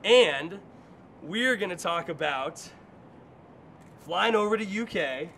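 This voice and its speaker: A man's voice: high voice, animated, slow pace, vocal fry, fairly bright tone, a little hiss or hum. A man hosting a playful game show, joking and teasing his guest. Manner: jokey, teasing, hypes up the win.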